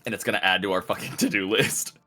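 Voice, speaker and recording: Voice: low-pitched, fast talker, pushed and bright, soft background music. A player in a tabletop game stream, talking casually and bluntly with some swearing. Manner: blunt, swears, laughs along. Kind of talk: casual chat between players.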